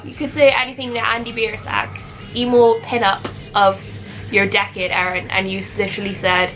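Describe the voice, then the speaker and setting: A woman's voice: medium pitch, flat delivery, normal speed, a bit bright, soft background music, low-quality recording. A young woman telling a rambling, giggly story in a casual vlog, full of "like". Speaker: vlogger.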